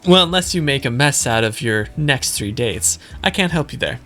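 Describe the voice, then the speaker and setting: A man's voice: medium pitch, animated, moderate pace, sharp tone, faint music behind. A man reading the lines of a wry organizer in a dating game, speaking with dry jokes.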